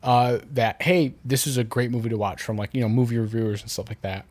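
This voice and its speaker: A man's voice: mid-range voice, steady tone, quick pace, darkish tone, no echo. A man co-hosting a podcast, rambling with many restarts and fillers. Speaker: podcast co-host. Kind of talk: casual chat.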